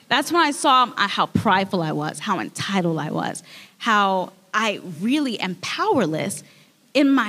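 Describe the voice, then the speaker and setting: A woman's voice: high-pitched, a bit bright. A woman giving an earnest, emotional personal testimony at a church service, often restarting her sentences. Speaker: speaker sharing a communion message. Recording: long hall reverb.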